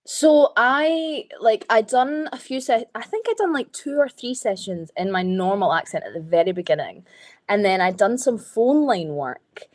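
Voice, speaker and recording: A woman's voice: fairly high pitch, animated, moderate pace. A Scottish woman, a podcast guest in casual chat, telling stories frankly with lots of swearing and "like". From Scotland.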